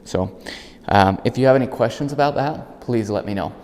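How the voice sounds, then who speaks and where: A man working as a dog trainer, calmly explaining an outdoor training demonstration and breaking off to call and praise the dog. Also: moderate pace, big-room sound. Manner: calm explaining, bursts of high praise calls to the dog.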